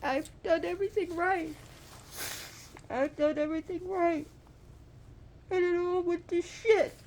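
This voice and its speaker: A woman's voice: very high-pitched, fairly even intonation, unhurried, darkish tone, voice pushed up. A woman voicing a betrayed, heartbroken goddess who pleads tearfully to be left alone.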